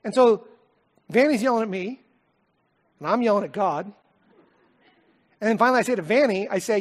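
A man preaching a sermon, telling a personal story in an earnest, heartfelt way and often dropping to a soft, quiet voice. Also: sits high, moderate pace, long pauses. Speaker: pastor.

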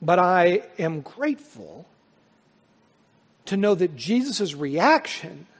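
Man preaching, high voice, rises loud then falls soft, long hall echo. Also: very animated, takes it slowly, vocal fry. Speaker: pastor. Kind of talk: sermon. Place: church sanctuary.

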